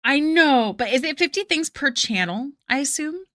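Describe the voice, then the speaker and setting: A young woman with a fairly high voice chats to her viewers while she draws, bubbly and quick to poke fun at herself. She gushes over what people send her. The sound is dry and close, from a desk mic. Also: animated, sharp tone, no echo. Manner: bubbly, self-deprecating, gushing. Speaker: streamer. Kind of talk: casual live-stream chat while drawing.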